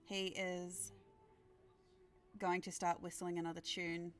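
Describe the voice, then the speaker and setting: A woman narrating a tabletop game as game master, describing combat in slow, dramatic turns. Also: on the low side, flat delivery, faint music behind.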